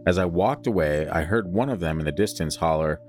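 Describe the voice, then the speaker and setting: A man with a deep voice reads a listener's creepy story in a loose podcast chat. He stops often to add jokes and put questions to his co-host. Soft music plays faintly underneath. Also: brisk. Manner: reads listener story aloud with joking asides.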